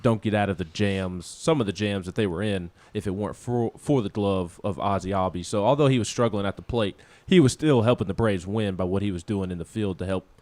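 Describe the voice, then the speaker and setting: A man with a low voice chats casually about sports, circling back and restarting his sentences as he goes. The studio sound is dry and close, with no room around him. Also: brisk, few pauses, a little mellow, no room sound. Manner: rambling, many restarts, laughs at himself. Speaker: co-host of a sports talk show. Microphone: studio microphone.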